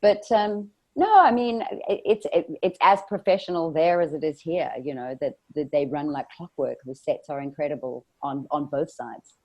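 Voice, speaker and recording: A woman's voice: sits low, normal speed, few pauses, a little mellow. A woman with a South African accent, chatting enthusiastically about her life in an interview. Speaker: interviewee, actress and radio presenter. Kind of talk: casual interview chat.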